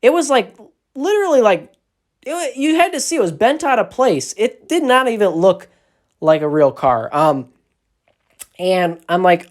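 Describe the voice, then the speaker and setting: A man casually telling a long, rambling story on a phone livestream, animated and swearing often. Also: high voice, normal speed, long pauses. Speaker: social media creator.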